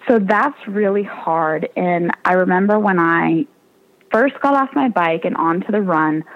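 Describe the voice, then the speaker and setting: Young woman telling a race story, lively. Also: on the low side, muffled recording. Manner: animated, laughs often, acts out quoted voices. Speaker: interview guest, triathlete. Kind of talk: casual storytelling interview.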